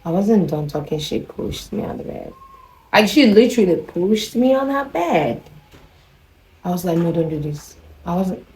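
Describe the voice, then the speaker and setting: A young woman with a Nigerian accent telling a personal story to camera in a rambling, animated way. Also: on the low side, poor audio. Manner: rambling, animated, with restarts and quoted dialogue. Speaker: vlogger.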